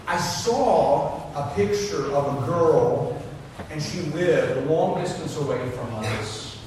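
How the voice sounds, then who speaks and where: A man in his forties preaching a sermon as pastor, telling stories with big swings from loud to soft. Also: high-pitched. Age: 40s. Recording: echoey hall, voice from far off, noisy.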